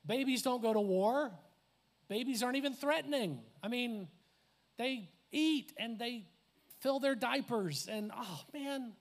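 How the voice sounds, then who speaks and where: A man with a high voice preaches in a lively, conversational way. He laughs, adds asides and acts out quoted voices as he speaks. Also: unhurried. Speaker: pastor. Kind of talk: sermon.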